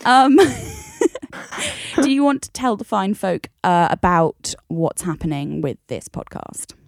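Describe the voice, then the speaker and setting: A woman's voice: medium pitch, big pitch swings, takes it slowly, vocal fry, dry recording, clean studio sound. A woman co-hosting a podcast, chatty and casual, swearing freely and laughing often. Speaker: podcast co-host. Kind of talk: casual chat.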